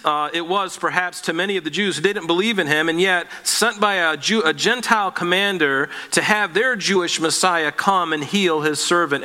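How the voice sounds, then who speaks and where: A man's voice: high voice, bright, forceful tone. A male pastor giving an expository sermon, teaching earnestly and asking his listeners rhetorical questions.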